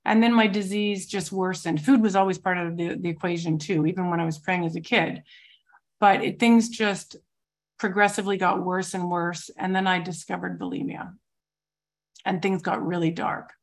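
A woman in her forties, a twelve-step program member, gives a personal recovery testimony in a reflective, searching way, often pausing with soft fillers. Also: on the low side, fairly even intonation.

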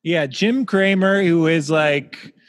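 A man's voice: fairly high pitch, slow. Dry-humored man hosting a podcast, long reverb. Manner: dry, wry, reading out figures. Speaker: podcast host. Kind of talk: casual comedic podcast chat.

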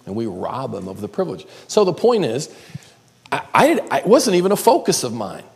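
A middle-aged male pastor preaching a sermon, swinging between loud exclaiming and whispered asides. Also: mid-range voice, wildly swooping pitch, fast, vocal fry. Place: church sanctuary. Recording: long hall reverb.

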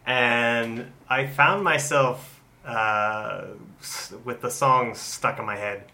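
A man in an easygoing conversation, his voice bright and his pitch middling. He pauses often and leans on fillers as he thinks aloud. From Canada. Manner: laid-back, hesitant with fillers. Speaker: podcast co-host. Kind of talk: casual chat.

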